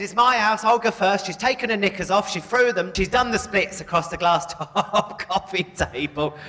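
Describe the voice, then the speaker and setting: A man doing bawdy stand-up as a drag comedian in a live club, crude and brash with the crowd. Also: high voice. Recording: live club recording with loud crowd and echo.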